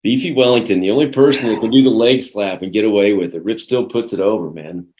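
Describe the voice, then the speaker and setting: A man's voice: fairly low pitch, quick pace, darkish tone, a little hiss or hum. Man host, casual chat, eager questions, frequent laughs. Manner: prodding, laughs often. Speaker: podcast host.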